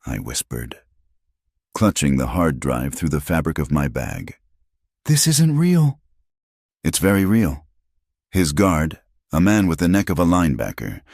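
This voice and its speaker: A man narrating a first-person story as an audiobook reader, with steady, dramatic storytelling. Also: a bass voice, dry recording, studio quality.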